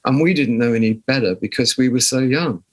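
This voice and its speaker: An older man from southern England, with the accent to match, appears as a guest musician in a conversational interview. His medium-pitched voice moves briskly as he tells stories reflectively, often restarting.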